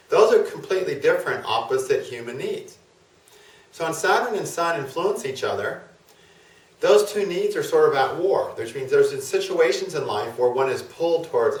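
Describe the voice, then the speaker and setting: A man's voice: mid-range voice, lively intonation, brisk. A man gives an astrology lesson in a loose, talky way, slipping into quoted voices for the planets and tagging points with "okay?". His voice comes from a little way off the mic in an echoey room. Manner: conversational, acts out planets in quoted voices, says "okay?" often. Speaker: astrology teacher. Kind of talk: instructional lecture. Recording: roomy echo, mic at a distance.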